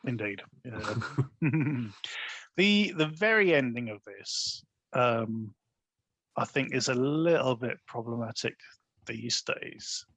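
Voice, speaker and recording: A man's voice: medium pitch, expressive, takes it slowly, fairly bright tone, no room sound. A man co-hosting a film podcast, chatting casually and laughing as he retells scenes. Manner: laughs easily, acts out quoted lines. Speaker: podcast co-host. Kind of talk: casual film review chat.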